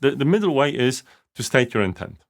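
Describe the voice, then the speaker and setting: A man's voice: medium pitch, very animated, quick pace. A man hosting a live leadership coaching show, talking casually and rambling with many fillers and restarts. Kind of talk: casual live-stream monologue.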